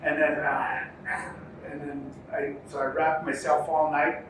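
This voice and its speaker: A man's voice: a little high, flat delivery, fairly bright tone, a little hiss or hum. A man who races horses in relays, telling a story in an interview with many ums and restarts, acting out what others said. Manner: halting, many ums and restarts, acts out quoted talk. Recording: echoey room, mic far off, faint ambience.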